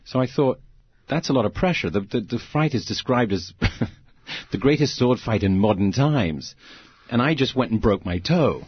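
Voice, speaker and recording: A man, an actor, telling lively anecdotes as a guest in an interview. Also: medium pitch, unhurried, husky, dry recording, highs cut off. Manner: animated anecdotes, acting out quoted voices, frequent laughs. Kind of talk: storytelling in a conversational interview.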